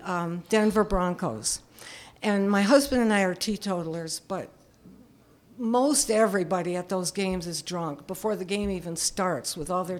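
A woman in her seventies telling a personal story in a candid, self-deprecating way, often chuckling. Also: medium pitch. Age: 70s.

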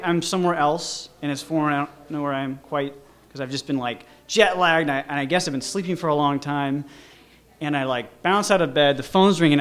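A man with a slightly high, somewhat bright voice casually tells a personal story. He rambles, constantly saying "like" and "you know," and keeps restarting his sentences.

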